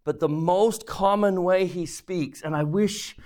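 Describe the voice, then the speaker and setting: A religious teacher gives a devotional lesson to a class in a high-pitched male voice. He speaks slowly and deliberately, at times sinking to a hushed near-whisper for emphasis.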